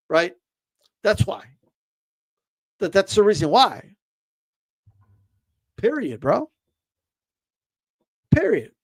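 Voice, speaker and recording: High-voiced man ranting about boxing. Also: darkish tone. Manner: ranting, rhetorical "right?" tags, repeats words, says "bro". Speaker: boxing commentator and host. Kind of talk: opinionated casual commentary.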